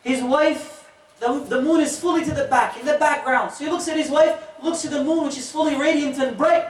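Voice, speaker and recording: A man giving a storytelling sermon as an imam, animated, with joking asides to the audience. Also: extremely high pitch, brisk. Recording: echoey hall, distant mic, faint noise.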